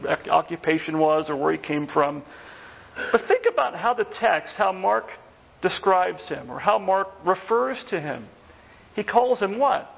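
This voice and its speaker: Pastor, male, higher-pitched with some vocal fry, chatty sermon delivery; dull lo-fi church recording. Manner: conversational, animated when retelling stories. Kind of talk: evening sermon.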